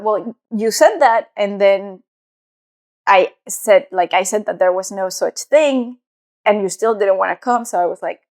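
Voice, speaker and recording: A woman's voice: medium pitch, a little mellow. A young woman co-hosting a podcast, talking in a rambling, hesitant way with lots of fillers. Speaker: podcast co-host. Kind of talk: casual chat.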